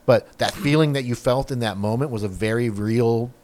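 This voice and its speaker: A man's voice: medium pitch, moderate pace, darkish tone, slight background noise. A middle-aged man in casual podcast chat, rambling and frank with lots of fillers.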